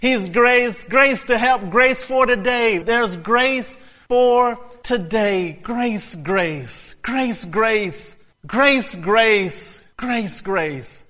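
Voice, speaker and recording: A man delivers a sermon in a high, bright voice at an unhurried pace. He chants the same words again and again, building to shouts. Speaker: preacher.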